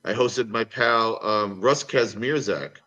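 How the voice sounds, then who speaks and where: Rambling, animated comics guest, male. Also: lowish voice, slow pace, dull audio. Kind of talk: casual chat.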